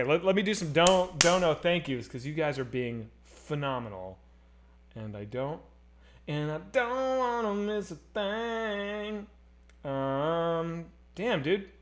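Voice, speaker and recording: A man in his thirties hosting a casual live stream, joking and swearing as he reads chat, swinging between loud and quiet. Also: on the high side. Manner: animated, swearing, jokey, swings loud and soft. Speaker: streamer host.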